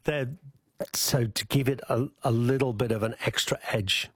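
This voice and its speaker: A man's voice: medium pitch, fairly even intonation, moderate pace, fairly bright tone, breathy edge, dry recording. A man with a Scouse accent, a guest chef on a radio show, chatting casually and giving practical cooking tips with many restarts.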